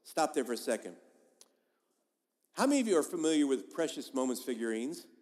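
A man as a pastor giving a sermon in a church, preaching in a conversational but emphatic way and swinging between loud and soft. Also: mid-range voice, very animated, fairly quick. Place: church sanctuary. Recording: long reverb of a large hall.

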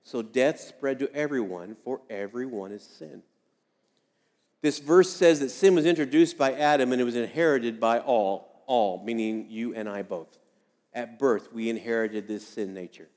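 A man's voice: medium pitch, normal speed, a little mellow, in a large hall. A man giving a sermon as a pastor, speaking conversationally and repeating key phrases for emphasis.

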